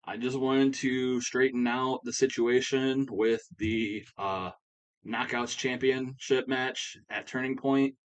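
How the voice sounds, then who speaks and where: A man voicing a stern female wrestling official, talking in a businesslike, measured way. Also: medium pitch, fairly even intonation, close to an everyday voice.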